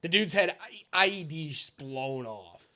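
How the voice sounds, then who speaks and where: A young podcast co-host in his twenties tells a story in a casual, heavily sworn style, occasionally bursting into loud shouted impressions. His voice sits a little high, swings widely in pitch with lively intonation, and moves at a measured pace.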